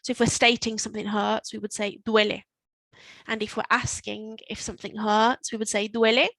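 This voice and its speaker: A woman teaching Spanish to learners, repeating phrases slowly and explaining them step by step. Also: medium pitch, little pitch movement, gravelly, fairly bright tone, dry recording, rough recording. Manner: slow, careful modelling of Spanish phrases. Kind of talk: recorded language lesson.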